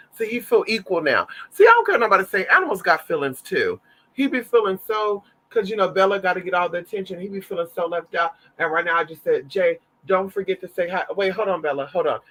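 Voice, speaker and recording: A man's voice: mid-range voice, bright, forceful tone. A man chatting casually to his viewers in a sassy, flamboyant way, swearing freely and calling them honey. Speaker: vlogger. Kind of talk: casual livestream chat.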